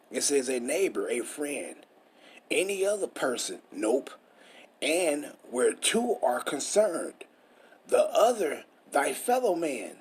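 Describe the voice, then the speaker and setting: A man's voice: on the high side, slightly rough. A man teaching scripture in a preachy, emphatic way, full of rhetorical questions and swearing. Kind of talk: street-style scripture teaching.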